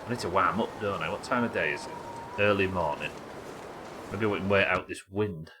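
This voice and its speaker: Deep-voiced man streaming a game. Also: fairly quick, noisy background. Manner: chatty, swearing, thinking aloud. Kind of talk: casual gameplay commentary.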